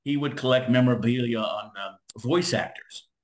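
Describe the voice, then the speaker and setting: In a mid-range voice at normal speed, a middle-aged man tells animated, casual stories as an interview guest. A former radio DJ from Southern California, he acts out the voices of the people he's describing.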